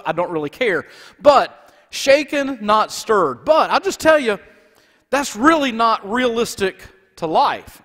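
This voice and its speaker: A man's voice: high voice, a bit bright, in a large hall. A man with a Southern accent preaching a folksy, conversational sermon as pastor in a church. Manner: folksy and conversational, with many restarts. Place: church sanctuary.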